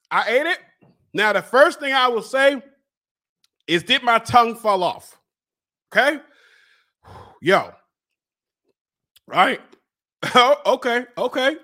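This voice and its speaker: A man from Baltimore hosts a casual solo vlog in a high, very animated voice with a bright edge. He talks playfully, teasing and drawing things out, and breaks into laughter often. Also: slow, long pauses. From Baltimore, USA. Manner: lively, exclamatory. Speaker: podcast host.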